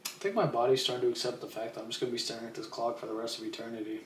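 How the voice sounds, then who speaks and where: A young livestreamer fires off a rambling story rapid-fire, his medium-pitched voice barely moving in pitch. He is laid-back, swears often, and imitates what people said, with faint ambient noise in an echoey room.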